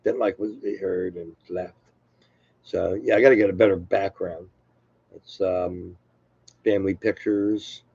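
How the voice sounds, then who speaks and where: A man's voice: low voice, fairly even intonation, unhurried, pauses often, darkish tone, husky, dry recording, dull audio. A man live streaming a rambling, self-deprecating casual comedy monologue from home.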